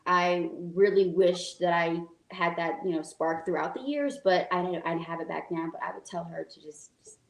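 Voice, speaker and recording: Twenty-something woman, earnest and a little emotional, lowish voice, echoey room. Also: moderate pace, vocal fry, hardly any pauses. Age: 20s. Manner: earnest, filler-heavy, emotional. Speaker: guest, youth group founder. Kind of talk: casual interview talk.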